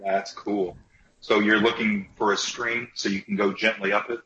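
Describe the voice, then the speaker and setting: Folksy male host, lowish forceful voice, roomy lo-fi recording. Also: level tone, normal speed, slight background noise. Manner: folksy, says "man" and "y'all". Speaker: podcast host. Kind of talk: casual chat and joke telling. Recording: roomy, dull lo-fi sound.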